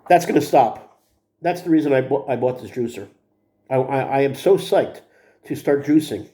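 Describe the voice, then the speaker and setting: Brief: middle-aged man, vlogger, mellow voice, rambling and self-critical. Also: mid-range voice, a little hiss or hum. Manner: restarts and repeats words. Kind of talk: confessional video diary.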